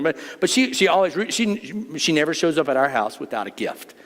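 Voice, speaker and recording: Folksy pastor in a reverberant church. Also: male voice, on the high side, sing-song, fairly quick, few pauses, fairly bright tone. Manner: joking, folksy, talks straight to the congregation. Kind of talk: conversational sermon. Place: church sanctuary. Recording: long reverb of a church sanctuary.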